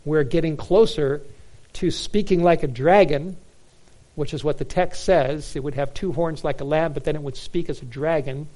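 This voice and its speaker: A man's voice: fairly high pitch, moderate pace, mellow. A man preaching a sermon in an earnest, emphatic way, with frequent restarts and fillers. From United States. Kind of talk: sermon on Bible prophecy.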